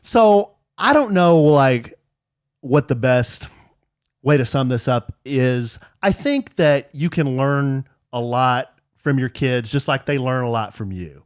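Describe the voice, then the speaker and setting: A middle-aged man co-hosting a casual podcast, telling rambling stories with a lot of self-mockery. His pitch moves around lively. He is recorded in a dry, close setting with no room sound. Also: takes it slowly, smooth, no room sound. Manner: rambling, self-mocking, with restarts. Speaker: podcast co-host. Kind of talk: casual storytelling chat.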